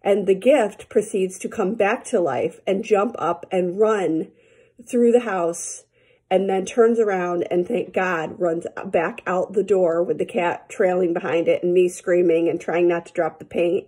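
Woman teacher, casual morning message to her class. Low, husky, mellow voice; rambling and chatty. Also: steady tone, a little slow. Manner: chatty, rambling storytelling with many fillers.

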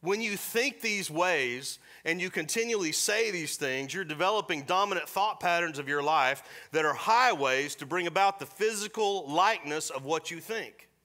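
A middle-aged man preaching a sermon in a church, folksy and storytelling, slipping into quick voiced asides. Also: on the high side, animated, bright, forceful tone. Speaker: pastor. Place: church sanctuary.

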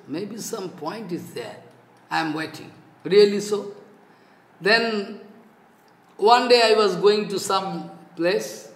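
A man's voice: high-pitched, fairly bright tone. Older man preaching in an echoey room. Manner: scolding, emphatic, quotes others in their voices. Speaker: spiritual teacher. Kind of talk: devotional talk with anecdotes.

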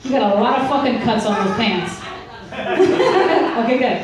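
Bubbly female co-host running live trivia, high voice, distant mic in a roomy club. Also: big pitch swings, unhurried. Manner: bubbly, joking banter with the crowd. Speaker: show co-host. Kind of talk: hosting a live trivia segment.

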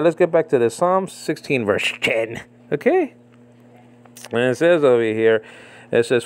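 Animated, mocking man with a lively voice. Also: medium pitch. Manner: animated, mocking, many fillers and repeats. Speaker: Bible commentator. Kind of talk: casual spoken commentary on a debate. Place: living in the Philippines.

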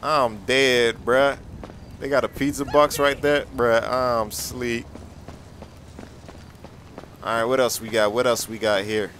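Bright-voiced excitable young man. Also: mid-range voice, slow pace, long pauses, a little hiss or hum. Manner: excitable, slangy, repeats himself. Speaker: gameplay commentator. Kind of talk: casual game commentary.

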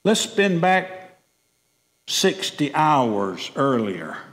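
A man's voice: on the high side, sing-song, very slow, fairly bright tone. A male pastor preaching a sermon emphatically, repeating words and asking questions. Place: church sanctuary. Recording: long reverb of a church sanctuary.

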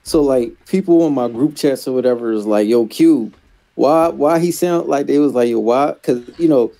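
A man's voice: medium pitch, fairly quick, dark tone. A man with a Philadelphia accent in a casual review chat, easygoing and explaining. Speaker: podcast co-host.

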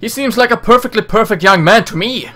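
A man's voice: sits high, fairly quick, pushed and bright, pitched above the performer's own voice. A man voicing a fussy, fawning male soldier lackey who speaks with excessive politeness.

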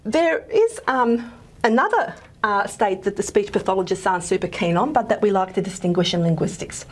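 A woman's voice: mid-range voice, animated, fairly quick. A woman, possibly, giving a linguistics lecture on a video call, talking hesitantly with many fillers and restarts. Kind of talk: recorded lecture.

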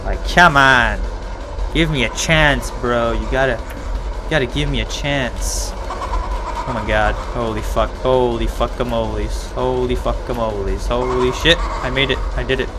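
A man commentating his own gameplay, talking excitedly to the game and his audience and swearing freely. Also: mid-range voice, a little slow. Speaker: let's play gamer. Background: game music.

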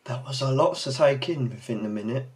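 A woman's voice: extremely low pitch, fairly quick, darkish tone. A young woman hosting a reaction video, chatting casually, giggly and swearing, breaking into shrieking laughs.

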